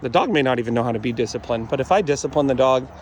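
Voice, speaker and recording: A man with a middle-pitched voice explains dog training outdoors in a blunt, matter-of-fact way, repeating his points. Faint traffic hum sits behind him. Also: expressive, rapid-fire. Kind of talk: casual explanatory commentary while training.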